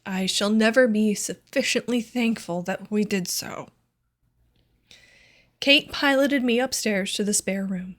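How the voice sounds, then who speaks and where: Woman reading a classic story aloud. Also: mid-range voice. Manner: measured, clear storytelling. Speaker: audiobook reader. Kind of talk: scripted narration.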